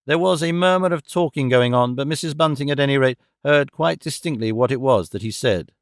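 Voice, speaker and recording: A man's voice: mid-range voice, a little fast, dry recording. Male audiobook narrator, dry close sound. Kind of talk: scripted narration.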